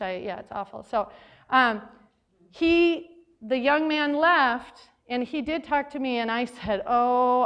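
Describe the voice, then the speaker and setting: A woman who advises a school journalism program, speaking to a room of teachers at a conference and telling classroom stories full of quoted dialogue. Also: high voice. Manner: lively storytelling with quoted dialogue. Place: forum hall.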